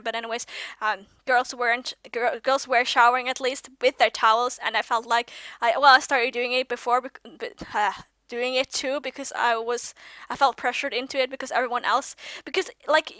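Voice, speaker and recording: A woman's voice: a little high, sharp tone, no echo. A young woman from Norway, speaking English with a mixed British-leaning accent, rambling through a casual confessional vlog and often correcting herself. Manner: rambling, self-correcting, drifts off topic. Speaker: vlogger.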